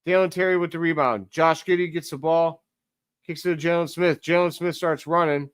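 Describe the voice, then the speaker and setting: A man hosting a live stream, giving casual play-by-play commentary as an excitable fan who talks to his chat. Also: on the high side, moderate pace, clear, resonant tone, no echo, studio quality.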